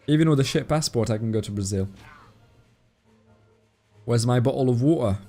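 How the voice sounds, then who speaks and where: Guy w a slight foreign accent streaming a game, mellow voice, laid back chat w viewers. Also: mid-range voice, moderate pace, soft background music. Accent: non-native English accent. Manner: chatty, relaxed, reads and thanks viewers' chat aloud. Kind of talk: casual live-stream commentary while playing.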